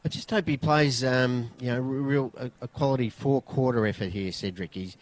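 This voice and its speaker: A man's voice: mid-range voice, normal speed. Aussie guy doing colour commentary, laid back, lots of uhs. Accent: Australian. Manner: relaxed, hesitant analysis with fillers. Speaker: expert commentator. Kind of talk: sports commentary analysis.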